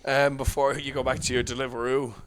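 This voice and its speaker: A man's voice: mid-range voice, flat delivery, brisk, fairly bright tone, slight background noise. A young Irish man telling a story on a podcast, laughing often and swearing freely. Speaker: podcast co-host. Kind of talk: casual chat.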